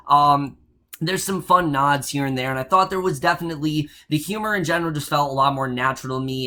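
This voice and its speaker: A man's voice: medium pitch, bright, forceful tone. A man reviewing a film in a casual spoken style, blunt and opinionated, with frequent ums and uhs. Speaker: movie reviewer.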